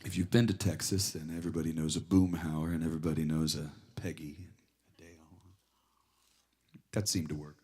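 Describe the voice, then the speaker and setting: Between songs at an in-store show in a record store, a singer-songwriter and guitarist chats with a small crowd and tells rambling stories. His bass voice is brisk, dark and slightly rough, with a flat delivery. He calls himself a nervous talker, and this live stage banter shows it.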